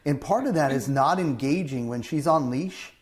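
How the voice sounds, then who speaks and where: A man's voice: on the high side, normal speed. A man hosting a casual chat, rambling with frequent restarts and acting out what other people say. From Southern California. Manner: rambling, restarts often, acts out quoted people. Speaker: host.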